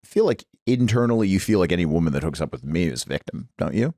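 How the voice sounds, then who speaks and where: Casting: young man, lowish voice with lively swings, dry mic, excitable teasing co-host. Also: fast talker, no echo. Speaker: podcast co-host. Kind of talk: casual chat.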